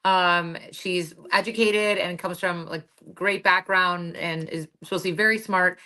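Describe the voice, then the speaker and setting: Bright-voiced chatty woman co-host. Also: fairly low pitch, steady tone, a little slow. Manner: chatty, lots of fillers and restarts. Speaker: podcast co-host. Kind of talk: casual chat.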